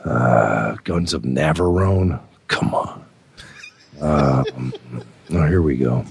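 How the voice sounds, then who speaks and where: A man's voice: very deep voice, very slow, creaky, slightly rough, pitched below the performer's own voice, full character voice. A man doing an impression of a sleepless aging male movie star, mumbling and grumbling. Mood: grumpy.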